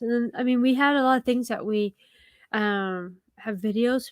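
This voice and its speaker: A woman co-hosting a casual live stream, laughing often and pausing with fillers as she talks through upcoming videos. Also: mid-range voice, dry recording, clean studio sound.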